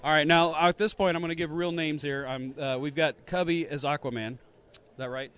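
A man interviewing guests at a convention for a podcast, jokey and energetic. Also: on the high side, moderate pace.

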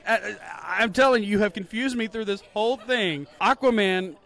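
A man interviewing guests at a convention for a podcast, jokey and energetic. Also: high-pitched, normal speed, gravelly.

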